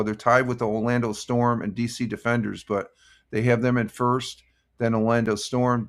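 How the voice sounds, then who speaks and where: A man's voice: mid-range voice, gravelly. An older man hosting a casual morning live stream, rambling through sports results and greeting viewers in the chat with many fillers. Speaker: livestream host.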